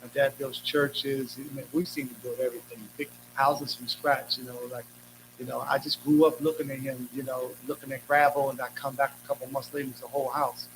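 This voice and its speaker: A man's voice: mid-range voice, flat delivery, brisk, noisy background. A man guest speaking in casual conversation, earnest and reflective.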